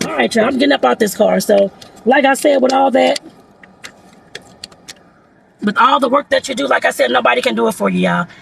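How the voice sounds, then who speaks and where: A woman with a heavily gravelly, creaky voice talks straight to her viewers from inside a car. Her manner is blunt and outspoken, the casual advice of a life-lesson vlog, with faint traffic noise behind her. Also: a little high, a little fast, long pauses. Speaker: vlogger giving life advice. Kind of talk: casual talking-head vlog.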